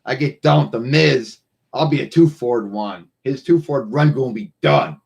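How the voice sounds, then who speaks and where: In an unhurried, gravelly, medium-pitched voice, a man hosts his own live stream, chatting casually and rambling. He often loops back to repeat himself, and he seems to be speaking into a computer mic.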